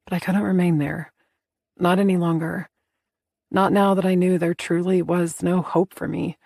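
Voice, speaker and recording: A woman narrating a first-person romance audiobook in a soft, intimate storytelling manner. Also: lowish voice, fairly even intonation, moderate pace, vocal fry, no echo, clean studio sound.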